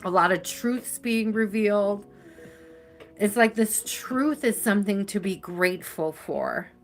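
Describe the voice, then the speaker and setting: A woman hosting a live tarot reading, talking to her viewers in a chatty, affectionate way and stretching out the words she stresses. She sounds tired and keeps yawning as she goes on. Soft music plays faintly behind her. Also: mid-range voice. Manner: chatty and affectionate, drawn-out stresses, frequent laughs. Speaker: tarot reader.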